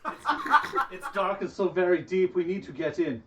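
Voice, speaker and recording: Excitable man, distant and dull sound. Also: high-pitched, moderate pace, noisy background. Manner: excitable, laughing. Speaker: player. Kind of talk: tabletop role-play banter.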